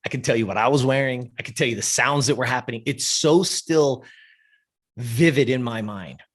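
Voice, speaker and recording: A man in his fifties telling a personal story in an interview, animated and profane, often checking in with "you know" and "right". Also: medium pitch, normal speed. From US West Coast. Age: 50s. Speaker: interview guest.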